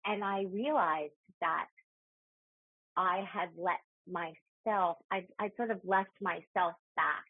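A woman in a podcast conversation, speaking reflectively and slowing down at emotional points. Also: lowish voice, slightly rough, no echo. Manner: reflective, slows down when emotional. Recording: tinny phone-like line.

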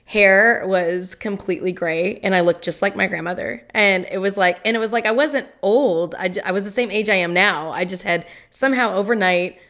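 A woman from Tennessee co-hosting a casual podcast, a bit hoarse today, chatting and laughing often. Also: mid-range voice, moderate pace, few pauses, fairly bright tone. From Tennessee, USA. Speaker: podcast co-host. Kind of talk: casual chat.

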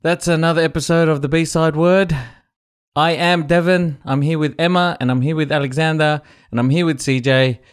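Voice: medium pitch, moderate pace, clear, resonant tone. A podcast host in casual chat who laughs often and tells stories animatedly. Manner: laughs a lot, giggly and animated.

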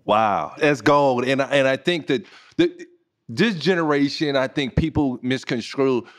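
A man hosting a podcast interview, eager and quick to react. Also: medium pitch. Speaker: podcast host.

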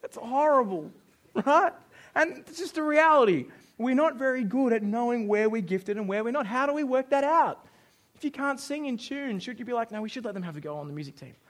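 A man's voice: very high-pitched, a little fast. A young Australian man preaching a sermon as pastor, joking and acting out quoted voices. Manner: jokey, animated, acts out quoted voices.

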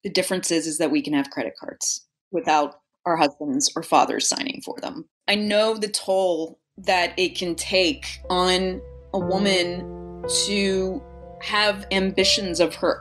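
Woman, low-pitched, reflective, earnest, interview guest. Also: measured pace, over music. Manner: reflective, earnest, grows emotional. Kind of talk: casual interview conversation.

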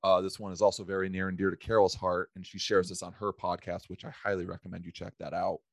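A man's voice: low-pitched, level tone, fast, dry recording, studio quality. A man hosting a podcast, chatting casually and jokingly with his guest and swearing now and then. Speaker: podcast host. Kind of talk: casual interview chat.

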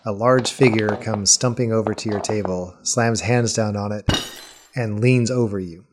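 A man's voice: fairly low pitch, normal speed, noisy background. A man narrating as game master of a tabletop game, descriptive and laughing often.

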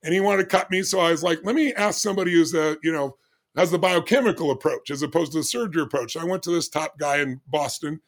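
A man in his sixties telling a personal story in an interview, animated and acting out the dialogue he recalls. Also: a little high, quick pace. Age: 60s. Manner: animated, acts out dialogue with doctors. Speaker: interview guest.

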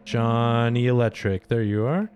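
A man's voice: mid-range voice, steady tone, measured pace, background noise. A man hosting a casual podcast chat, joking around and laughing often. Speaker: podcast host.

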